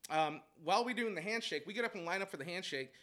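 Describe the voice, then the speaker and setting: A man telling a heated story about coaching basketball, animated and profane, laughing as he goes. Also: high-pitched, fast talker. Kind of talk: casual storytelling chat.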